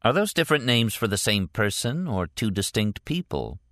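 A man voicing a polite, reserved, bookish young man in a low voice. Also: sing-song, normal speed, fairly bright tone, dry recording.

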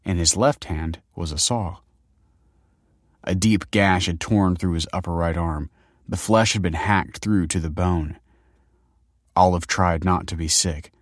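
A man narrating a dark, scripted story in a steady, grave manner. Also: deep voice, measured pace, long pauses, no echo, clean studio sound.

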